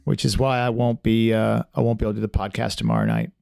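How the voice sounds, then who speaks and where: A man's voice: on the low side, big pitch swings, fast talker, vocal fry, darkish tone, no room sound, studio quality. A man hosting a podcast in casual chat, rambling with many restarts and fillers in a friendly, chatty way. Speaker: podcast host.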